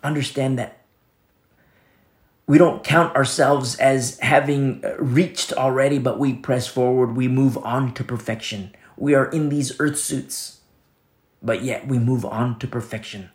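A man preaching a sermon as pastor, earnest and repetitive, often dropping to a soft hush. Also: medium pitch, steady tone, measured pace, reverberant.

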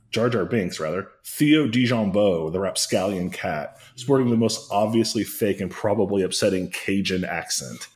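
A man's voice: fairly low pitch, a little mellow. A man hosting a comedy podcast, recapping a story in a rambling, self-correcting way with dry jokes. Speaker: podcast host.

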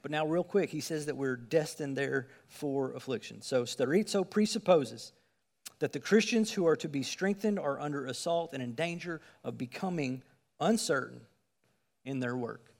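A man's voice: a little high, moderate pace, big-room sound. A man preaching a sermon, reading scripture and explaining it in an earnest, emphatic way, asking the listeners direct questions.

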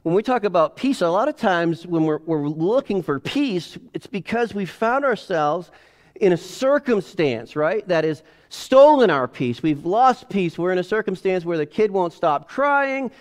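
A man in his forties preaching a sermon in a casual, animated way, acting out family scenes. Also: high-pitched, unhurried. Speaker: pastor. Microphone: headset or lapel mic.

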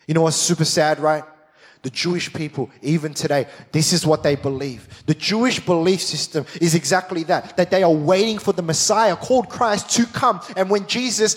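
Fired-up high-voiced preacher man. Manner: fired-up, emphatic preaching with repeated phrases. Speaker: pastor. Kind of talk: sermon. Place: large church hall. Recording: long church hall reverb.

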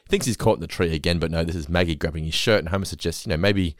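Deep-voiced man hosting a podcast. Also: very fast, dry recording, clean studio sound. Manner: enthusiastic, runs segments and scores. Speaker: podcast co-host. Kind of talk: casual chat.

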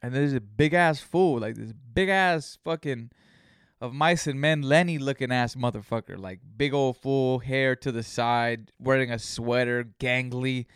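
In studio quality with no echo, a man with a medium-pitched, smooth, slightly bright voice speaks at a measured pace. He hosts a casual solo podcast, telling rambling stories laced with plenty of swearing.

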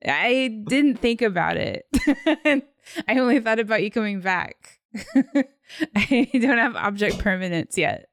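Slow, smooth-voiced woman podcast co-host. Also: a little high, animated, dry recording, studio quality. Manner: giggly, rambling with many fillers. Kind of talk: casual chat.

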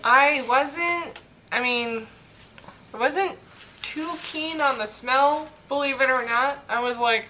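Bright-voiced young woman, candid. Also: high-pitched, slow, slight background noise, low-quality recording. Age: young adult. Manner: candid, self-deprecating. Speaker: co-host. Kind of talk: casual chat.

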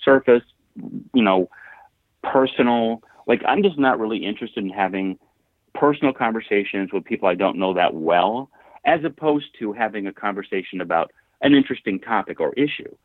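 A man's voice: lowish voice, expressive, moderate pace, no room sound. A thoughtful, hesitant man on a podcast who keeps restarting his sentences as he works toward his point. His voice comes through a thin, phone-like line with dry, close sound. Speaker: podcast co-host. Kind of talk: casual chat.

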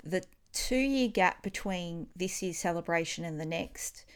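A woman's voice: fairly low pitch, lively intonation, unhurried, a little hiss or hum. A woman with an Australian accent, chatting enthusiastically as a podcast co-host. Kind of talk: casual chat.

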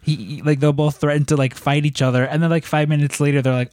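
A man chatting casually about his coworkers, halting and full of "like". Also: fairly high pitch, level tone, a little mellow, dry recording, studio quality. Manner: hesitant, lots of "like" and restarts. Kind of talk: casual chat.

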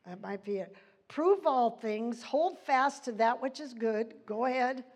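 A woman's voice: on the high side, a little slow, darkish tone. An older woman leading an informal church Bible study, chatty and rambling, laughing often between points.

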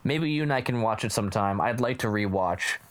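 A man in casual chat about comedy movies, animated, acting out quotes and laughing often. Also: lowish voice, brisk.

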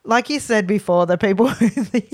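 A woman co-hosting a casual sports podcast, chatty and quick to laugh, often trailing off with fillers. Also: mid-range voice. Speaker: podcast co-host.

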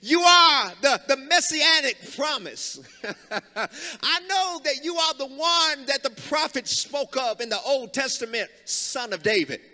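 Fervent high-voiced preacher in a reverberant hall. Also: male voice, expressive, a little slow. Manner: preaching with rising fervor, sings and shouts phrases, calls on congregation to respond. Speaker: pastor. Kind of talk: sermon. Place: church sanctuary. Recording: long hall reverb from live sanctuary.

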